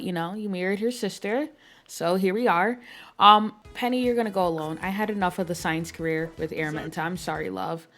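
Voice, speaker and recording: A woman's voice: mid-range voice, a bit bright. A woman giving casual, rambling commentary on a life-sim playthrough, with lots of fillers and playfully exasperated asides to her characters. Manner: chatty, rambling, filler-heavy with frequent "um" and "like". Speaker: game streamer narrating a life-sim playthrough.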